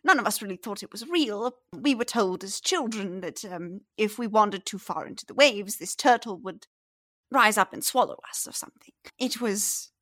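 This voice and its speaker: A woman's voice: medium pitch, expressive, normal speed, fairly bright tone. A woman voicing a chatty, motherly old woman, a fisherman's wife who fusses over a guest. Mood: fussing.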